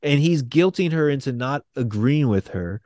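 A young man, co-hosting a podcast, recapping comic books in a casual, excitable, profane way and acting out quotes. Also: medium pitch, normal speed, dry recording, studio quality. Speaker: podcast co-host.

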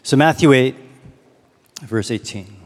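A man preaching a sermon as pastor, reflective, slowing down to read and linger on lines. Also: medium pitch, in a large hall.

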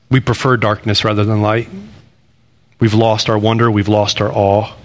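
A man in his thirties preaching a sermon in a conversational way, repeating phrases and swinging from loud bursts to low, quiet lines. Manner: animated, rising to loud bursts then dropping low and quiet. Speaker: pastor.

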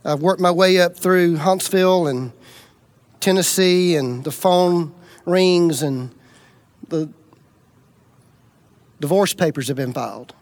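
A middle-aged man from Alabama with a high-pitched voice preaches a sermon testimony. Like a storyteller, he recounts his own story in an emphatic, confessional manner.

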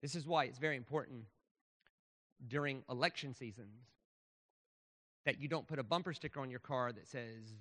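A man's voice: medium pitch, moderate pace, pauses often, a bit bright, long reverb tail. A man pastor giving a conversational sermon, asking the audience rhetorical questions.

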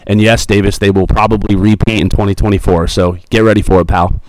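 A friendly school principal talks easily with students, upbeat and a little jokey. His voice sits low. The mic is close and the sound is dry, with no room echo. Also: fairly even intonation, fast, darkish tone. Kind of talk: casual interview answers.

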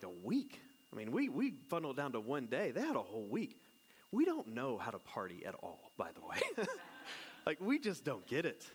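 With a medium-pitched, slightly rough voice, a married pastor with kids gives a laid-back, conversational sermon. He cracks jokes and keeps putting questions to his congregation.

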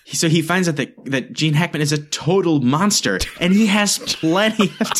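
A man recapping a film to a co-host in casual podcast chat, animated, cursing often and laughing. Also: on the high side, moderate pace, a little hiss or hum.

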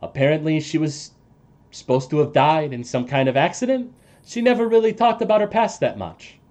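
A man narrating and voicing characters as game master of a tabletop game, casual and halting. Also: on the high side, expressive, a little mellow.

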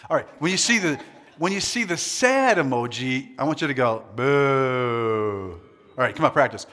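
Upbeat guy pastor hyping up his church crowd, bit high voice, bouncy delivery, joking around then getting serious. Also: lively intonation, fairly quick, sharp tone. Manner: playful, leads the crowd in call-and-response; shifts from jokey banter to earnest preaching. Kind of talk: sermon. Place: church hall with a live congregation.

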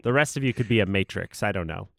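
A man's voice: on the low side, lively intonation, fast talker, gravelly, no echo. A young man co-hosting a podcast in casual chat, joking and laughing often. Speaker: podcast co-host.

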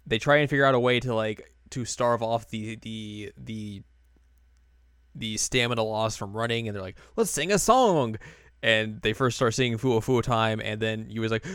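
A young man talks through an anime recap in a relaxed podcast chat, slipping into voices for the characters. His voice sits a bit low and sounds smooth, recorded close and dry. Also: moderate pace, no echo. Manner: animated storytelling, jumps into quoted voices. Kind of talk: casual chat.

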